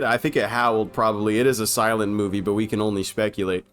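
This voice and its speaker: A man's voice: fairly low pitch, fairly even intonation, fast talker, few pauses, a bit bright, soft background music. A young man giving casual, comedic commentary over an old film, irreverent and profane, laughing often.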